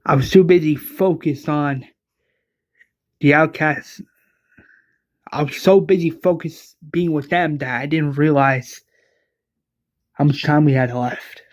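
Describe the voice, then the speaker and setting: A man's voice: fairly high pitch, slow pace, pauses often. A man voicing a remorseful woman survivor. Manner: self-blaming, pleading.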